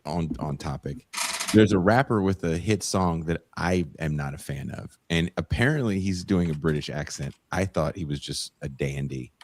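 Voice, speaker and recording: A man's voice: low-pitched, normal speed, slight background noise. A man hosting a podcast panel over a video call, joking and blunt, laughing often. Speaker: podcast host. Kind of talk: casual panel chat.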